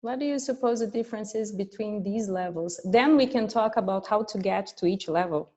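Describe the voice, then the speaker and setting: A woman's voice: medium pitch, darkish tone. A woman English teacher hosting an online class, explaining in casual chat. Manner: explains slowly, with frequent laughs. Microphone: video call. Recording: dull lo-fi video call audio.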